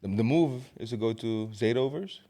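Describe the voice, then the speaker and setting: A man co-hosting a podcast in casual chat, animated and swearing freely. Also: medium pitch, moderate pace. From Caribbean. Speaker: podcast co-host.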